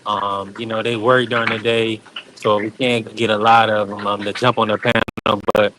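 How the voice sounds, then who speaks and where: A man hosting a casual livestream panel, relaxed and laughing, throwing out shout-outs in slang. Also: fairly low pitch, normal speed, background noise. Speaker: host.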